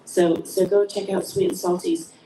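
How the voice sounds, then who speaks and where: A lower-pitched woman hosting a relaxed chat, laughing a lot and acting out lively quotes in her stories. Her voice sounds set back from the mic in an echoey room, with faint background noise. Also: normal speed, recorded from a distance. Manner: laughs often, acts out quotes in animated storytelling. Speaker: podcast host and mother of the guest. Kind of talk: casual chat.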